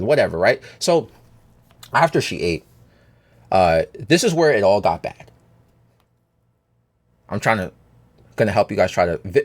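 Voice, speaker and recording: A man telling a personal story to his viewers in a rambling, casual way, checking in with them and using plenty of fillers. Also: low voice. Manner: rambling, talks straight to viewers with many fillers and "right?" checks. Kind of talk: casual story-time monologue to camera.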